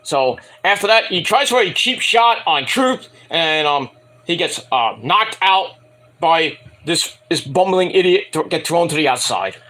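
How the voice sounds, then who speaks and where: Animated, bright-voiced man ranting. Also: a little high, measured pace. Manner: profane, rambling, mocking, acts out quotes in exaggerated voices. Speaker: wrestling show reviewer. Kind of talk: casual rant-style show recap.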